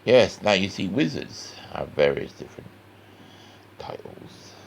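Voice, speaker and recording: A cartoon artist from England's West Country chats to the viewer in a rambling, folksy way while he draws, giving a tutorial in his West Country accent. His low-pitched voice swings widely in pitch, moves at a measured pace, and has vocal fry, with a little hiss or hum in the recording.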